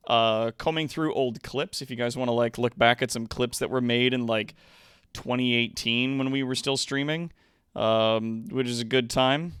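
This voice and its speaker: An upbeat man hosts a live stream and chats loosely with his audience, wandering from thought to thought with many fillers. His voice is smooth and clean, with a middle pitch. It is recorded close and dry on a desk microphone, with no room sound. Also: a bit bright, no room sound. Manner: rambling, upbeat, lots of fillers. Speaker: live streamer, show host. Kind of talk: casual live-stream chat.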